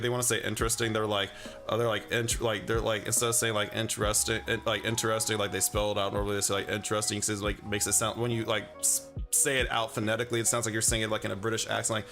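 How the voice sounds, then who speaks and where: A man with a low, gravelly voice talks casually on a livestream as he paints. He rambles, fills gaps with "like" and "uh", and answers his chat. Soft music plays quietly under him. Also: flat delivery, fast. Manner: rambling and chatty, full of fillers and chuckles, reads chat aloud.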